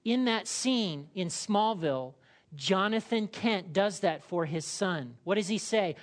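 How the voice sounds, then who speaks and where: A man's voice: high voice, lively intonation, a little slow. A male pastor preaching in a conversational, humorous way, often checking in with the congregation. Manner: conversational and humorous, with frequent "all right?" check-ins. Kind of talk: sermon.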